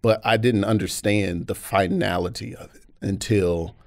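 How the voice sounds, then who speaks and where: With a gravelly, lowish voice at a moderate pace, a comedian from the United States trades candid personal stories as a guest, animatedly doing voices for the people in them. The studio-quality sound has no room echo.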